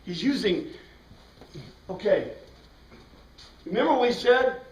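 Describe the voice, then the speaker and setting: A man's voice: sits high, lively intonation, takes it slowly, slight background noise. A man teaching a Bible class, explaining step by step and putting questions to his students. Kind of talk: classroom lecture. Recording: roomy sound from a distant mic.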